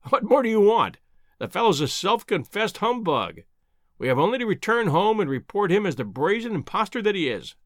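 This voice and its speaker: A man's voice: a little high, sing-song, fairly quick, a bit bright, no echo, clean studio sound. A man voicing a gaunt, elderly male professor who speaks with acid, bitter dismissiveness in an audiobook reading. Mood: derisive.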